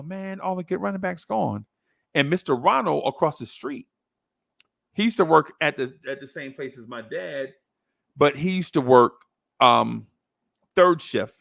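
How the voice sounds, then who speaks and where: A man in his fifties from New Jersey, hosting a podcast and telling a rambling, animated story in casual chat. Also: on the high side, creaky, dry recording, studio quality. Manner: rambling, animated storyteller who acts out voices. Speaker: podcast host.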